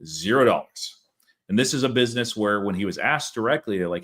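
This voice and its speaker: Low-voiced man musing over stocks. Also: animated, a little fast, a bit bright. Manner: thinking aloud with frequent "like" and "uh". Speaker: channel host. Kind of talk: casual stock market discussion.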